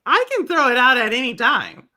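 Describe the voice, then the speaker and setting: A woman's voice: high voice, expressive, normal speed, pushed and bright. A woman from Houston with a light Texan twang, hosting a podcast in blunt, questioning casual chat. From Houston, Texas. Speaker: podcast host.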